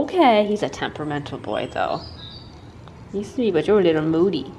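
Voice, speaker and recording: A woman talking to her cats at home in a cooing, affectionate way, with soft laughs. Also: on the low side, big pitch swings, a little fast, slight background noise. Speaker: cat channel host. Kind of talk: casual talk to her cats.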